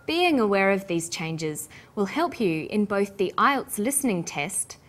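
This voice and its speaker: A woman with an Australian accent presenting an English pronunciation lesson, speaking slowly and enunciating every sound with care. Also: medium pitch, very animated, soft background music. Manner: slow, careful, clearly enunciated. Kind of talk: scripted lesson narration.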